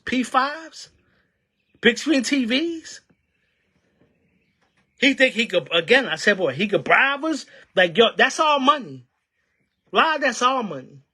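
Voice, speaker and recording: A man's voice: extremely high pitch, sharp tone. A man giving fiery, preacher-like union commentary packed with rhetorical questions. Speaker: union member and activist. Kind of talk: impassioned political commentary.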